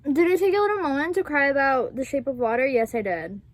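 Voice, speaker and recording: A woman's voice: high voice, fast talker, no room sound. Brief: young woman vlogger, dry close sound, gushy and foul-mouthed, laughs a lot. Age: 20s. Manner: gushing and profane, laughs often. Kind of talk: casual chat.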